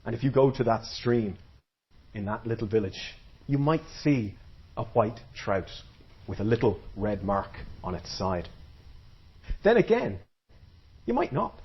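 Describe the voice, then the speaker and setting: A man's voice: fairly low pitch, sing-song, measured pace, long pauses, muffled recording. A man telling a folktale live to an audience, dramatic and playful, drawing the crowd in. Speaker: storyteller. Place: live storytelling event before an audience.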